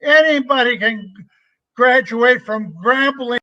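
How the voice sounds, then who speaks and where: A man telling an old story, acting out the shouted lines of the men in it. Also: very high-pitched, slow pace, heavily acted. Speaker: storyteller in played interview clip. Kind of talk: recorded shoot interview anecdote. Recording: muffled lo-fi clip played back.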